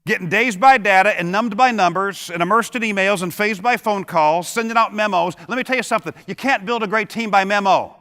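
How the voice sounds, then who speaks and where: Give me a motivational keynote from a middle-aged man, punchy and quick with a joke, recorded with long hall reverb. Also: sits high, pushed and bright. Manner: punchy, joking, fires rhetorical questions at the audience. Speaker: keynote speaker. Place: large conference hall with audience.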